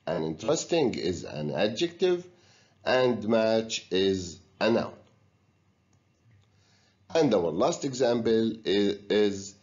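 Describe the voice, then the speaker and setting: Slow, lively-voiced male English teacher. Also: on the low side, highs cut off. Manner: slow, deliberate, guiding students step by step. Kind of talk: recorded video lesson.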